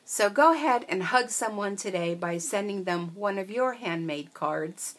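A woman's voice: medium pitch, animated, measured pace. A woman craft vlogger chatting casually and gushing with delight as she shows handmade cards, with frequent ums. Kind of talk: casual show-and-tell.

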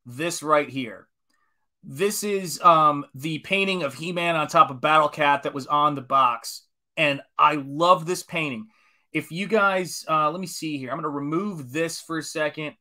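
An artist in his forties paints on a live stream, greeting viewers in a fairly high, bright voice with a forceful tone and a slightly slow delivery. His casual chatter is enthusiastic and rambling.

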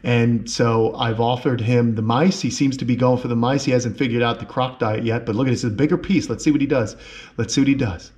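A man hosting a reptile vlog, narrating in a casual, excitable way that sometimes tips into yelling. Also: mid-range voice, fairly quick. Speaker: vlog host and reptile keeper.

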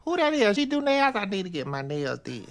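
A woman's voice: medium pitch, big pitch swings, brisk. A woman playing a sassy, brawling old grandmother who trash-talks in a comedy skit. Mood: defiant. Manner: brash, boastful, streetwise trash talk.

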